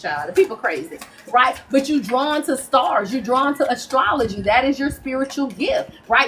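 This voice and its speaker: A high-voiced woman reads tarot for her live-stream viewers, preaching in an animated way and calling them "y'all" and "child". A faint hum sits under her voice, as from a home setup with a phone or webcam mic. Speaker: tarot reader. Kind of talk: live-stream spiritual reading.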